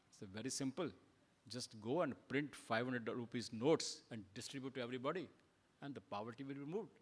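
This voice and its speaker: A man preaches to a temple gathering at a middle pitch. He tells little stories, poses rhetorical questions and swings between quiet asides and loud emphasis. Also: brisk. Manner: storytelling, rhetorical questions, loudness rising and falling. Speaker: speaker at a temple program. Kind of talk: sermon.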